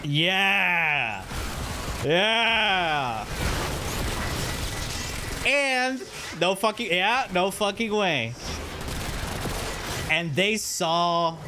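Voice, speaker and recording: A male streamer spins a long personal story for his viewers, swearing freely and tossing in "right?" to keep them with him. His voice sits a touch high and swings widely in pitch as he gets worked up. A steady hiss of background noise runs under the recording. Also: drawn-out words, long pauses. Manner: animated, profane, keeps checking in with "right?". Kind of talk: casual storytelling on a livestream.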